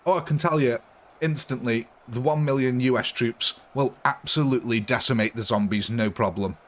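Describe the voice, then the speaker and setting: A man's voice: medium pitch, moderate pace. A man casually chatting with viewers during a live stream, rambling and laughing often.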